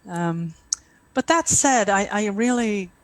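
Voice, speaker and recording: A woman's voice: mid-range voice, lively intonation, takes it slowly, dry recording, poor audio. A middle-aged woman from Ireland with an Irish accent, a guest author chatting in an interview with easy asides. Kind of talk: casual interview chat.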